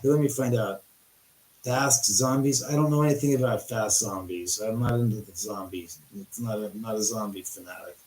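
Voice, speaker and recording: A man hosting a livestream from his house, rambling and excitable with many restarts and some swearing. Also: lowish voice, normal speed, echoey room, slight background noise, rough recording. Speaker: livestream host. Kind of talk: live-stream storytelling.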